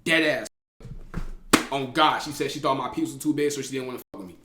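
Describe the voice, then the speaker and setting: A young man telling a story to his live chat in a casual, slangy way, laughing often and swinging between loud and hushed. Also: mid-range voice, brisk, background noise. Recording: roomy echo.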